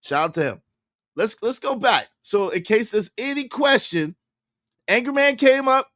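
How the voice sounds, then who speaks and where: An animated man hosts a livestream from inside his car, his voice high-pitched. He talks loosely and repeats himself as he shouts out viewers. The recording is dry and close. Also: measured pace, no echo. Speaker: livestream host. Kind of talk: casual livestream commentary.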